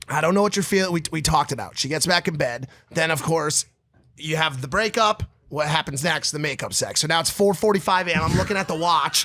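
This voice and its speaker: Gravelly high-pitched male podcast storyteller. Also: no echo. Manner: animated, crude storyteller who mimics others in a high voice. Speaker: podcast co-host.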